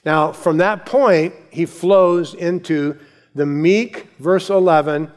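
A male pastor preaching a sermon, building to emphatic lines and then dropping to soft asides. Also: on the high side, slow. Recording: long hall reverb.

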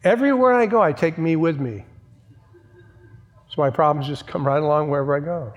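A man's voice: fairly high pitch, fairly quick. Man preaching a sermon in a reverberant hall. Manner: emphatic preaching with repeated phrases and asides to the congregation. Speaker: pastor. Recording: long church reverb.

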